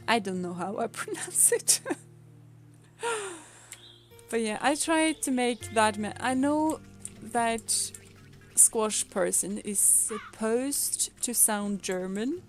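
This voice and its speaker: Slow-talking woman streamer thinking aloud. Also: mid-range voice. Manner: thinks aloud, playful, chats with viewers. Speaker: VTuber streamer. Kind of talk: casual let's-play commentary.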